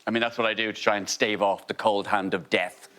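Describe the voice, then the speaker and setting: Sarcastic comedian man over loud noise. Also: on the low side, steady tone, a little fast. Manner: dry, grumbling sarcasm. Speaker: stand-up comedian. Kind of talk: stand-up routine on a panel show.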